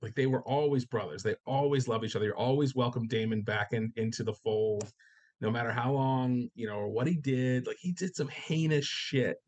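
A man co-hosting a casual podcast chat about a TV episode, animated and swearing freely, acting out the characters' reactions. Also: medium pitch, moderate pace. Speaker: podcast co-host.

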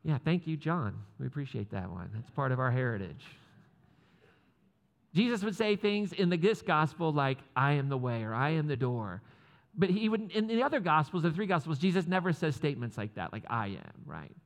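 Casting: man, pastor, relaxed joking sermon delivery, slightly high voice, long hall echo. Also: moderate pace. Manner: casual, joking asides with laughs.

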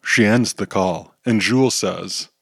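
A man giving scripted audio drama narration in a brisk, plain manner. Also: fairly low pitch, creaky, fairly bright tone, breathy edge, no echo, clean studio sound.

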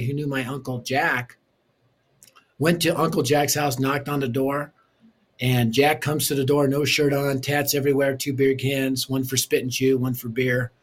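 Husky animated man telling his story. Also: mid-range voice. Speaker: ministry leader and author. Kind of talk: storytelling interview.

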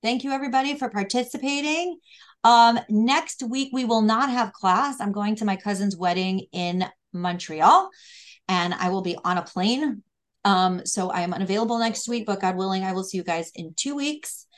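A woman's voice: mid-range voice, normal speed. A woman teaching a class on scripture, chatty and playful, often checking in with her students. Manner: conversational, asks "right?" often; acts out the fool's inner voice playfully. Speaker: Torah teacher. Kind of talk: online class on Proverbs.

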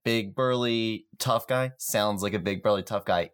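A man's voice: fairly low pitch, a little slow, a bit bright, clean tone. A man co-hosting a casual book discussion, thoughtful, with hesitant restarts.

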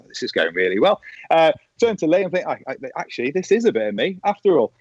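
A man's voice: on the high side, fast talker, husky, no room sound. A middle-aged man, a former professional golfer, telling anecdotes in a casual chat and acting out the voices of the people he quotes. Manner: animated storyteller who acts out quoted voices. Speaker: podcast guest, former pro golfer. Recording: dry, slightly dull lo-fi sound.

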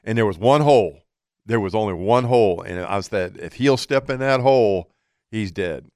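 A man's voice: lowish voice, moderate pace, no room sound, clean studio sound. A man telling a hunting story in casual chat, acting out what he and his buddy said. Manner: animated storyteller, quotes himself and others.

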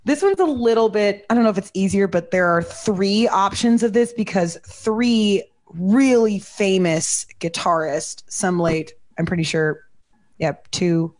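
A woman with a Midwestern accent hosts a casual trivia chat, playful and loose, swearing freely. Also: fairly low pitch. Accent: Midwestern American. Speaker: host asking trivia.

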